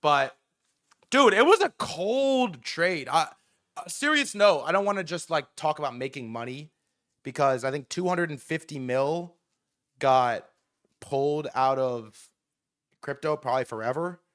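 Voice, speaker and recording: A man hosting a casual livestream from outdoors, excitable and profane, rambling with many restarts. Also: a little high, moderate pace. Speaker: livestream host. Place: outdoors in New York City.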